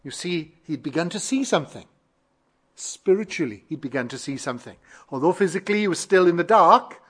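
A man delivers a sermon in a somewhat high voice. He speaks fervently, stacking phrases and swelling louder on key words. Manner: repeats and builds phrases in a measured cadence. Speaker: preacher.

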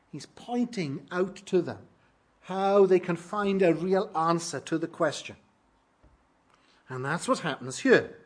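Husky-voiced male preacher. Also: a little high. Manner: preaching with rising emphasis on quoted questions. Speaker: pastor. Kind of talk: sermon.

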